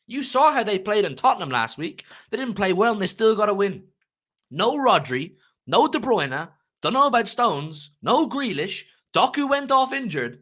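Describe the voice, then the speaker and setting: A man's voice: sits high, big pitch swings, moderate pace, sharp tone. A man hosting a fan channel, ranting emotionally about football to his live chat and repeating himself for emphasis.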